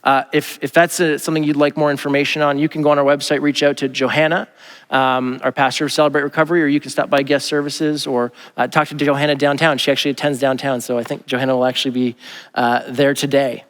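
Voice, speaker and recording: In a mid-range voice with a flat delivery and quick pace, a male pastor preaches conversationally and jokingly. He often raises his voice to act out quotes, and long hall reverb fills the large church sanctuary.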